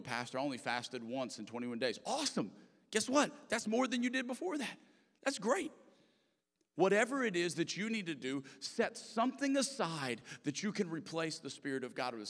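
A male pastor giving a sermon to a live congregation in a church, talking casually and jokingly with many fillers. He moves between loud emphasis and hushed, soft passages. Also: mid-range voice. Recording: long reverb of a large hall.

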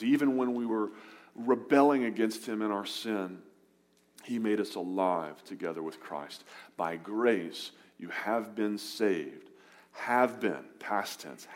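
Delivering a sermon to his congregation, this man speaks earnestly as a pastor. He lifts his voice to stress points and lets it sink quiet and low on the important words.

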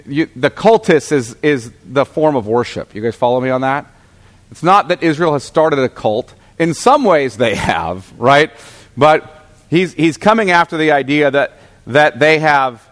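A man with a fairly high voice teaches scripture in a relaxed, conversational way. He keeps turning to the class with questions and often restarts his sentences. The sound rings out with the long reverb of a large hall. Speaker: pastor teaching a Bible class. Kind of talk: Bible teaching lecture.

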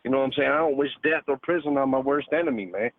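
A man's voice: medium pitch, quick pace, no room sound. A man calling in to a talk show, ranting heatedly and profanely, ending phrases with "man" and "dude". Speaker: caller. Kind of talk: heated call-in rant. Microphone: phone. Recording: phone-line audio.

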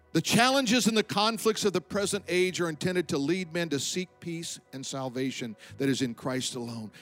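A pastor preaching a sermon with emphatic delivery, slowing down to stress points and dropping his voice at the ends of lines. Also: mid-range voice, fairly bright tone.

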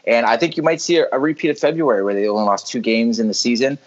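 A man co-hosting a casual sports chat, telling quick animated stories and swearing freely. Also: mid-range voice. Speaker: podcast co-host. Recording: dull lo-fi audio.

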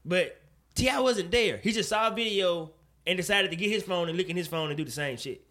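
A man co-hosting a loose talk show, his voice bright and set a little high. He argues in an animated, profane way, pushing harder as he makes his point. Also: brisk. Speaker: podcast co-host. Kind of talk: casual opinion chat.

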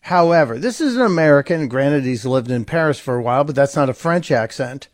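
A man's voice: medium pitch, expressive, brisk. A man hosting a talk radio show, giving sarcastic, opinionated commentary in a conversational way. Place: radio studio.

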